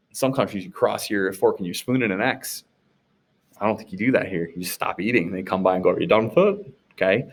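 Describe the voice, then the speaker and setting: A man from the United States teaching a class in a casual, conversational way, often asking rhetorical questions and checking in with "okay?". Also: on the low side. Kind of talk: recorded classroom lecture recap.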